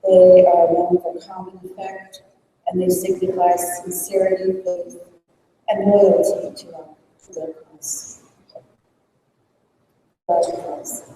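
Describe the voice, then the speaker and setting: A woman's voice: lowish voice, flat delivery, slow, pauses often, mellow. A woman at a conference breakfast, upbeat as she reads off names and thanks each volunteer. Her voice is caught from well back in a big hall with long reverb and strong echo. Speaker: outgoing leader of a librarians' network. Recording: echoey hall, voice from far off.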